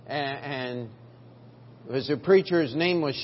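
A man's voice: a little high, lively intonation, normal speed, a little hiss or hum. A middle-aged man preaching a sermon as pastor, in a folksy, emphatic way with frequent restarts, recorded in a church sanctuary. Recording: dull, lo-fi church recording with long reverb.

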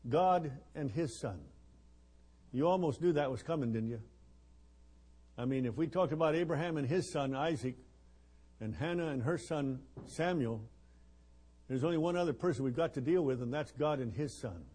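Older man, 70s, husky and fairly high-voiced, chatty joking preacher at a missions gathering. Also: moderate pace, long pauses, mellow. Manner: joking, rambling, with chuckles and fillers. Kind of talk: folksy sermon.

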